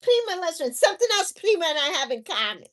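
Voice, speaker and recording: A woman's voice: very high-pitched, sing-song, quick pace, noisy background. A woman hosting a casual livestream, chatting with viewers in a bubbly, sing-song way and drawing out her words. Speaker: livestream host.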